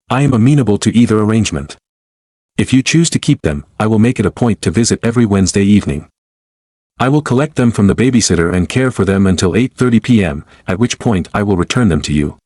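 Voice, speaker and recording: A man narrating a first-person story in a formal, measured, cold and deliberate way. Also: fairly low pitch, darkish tone, no echo.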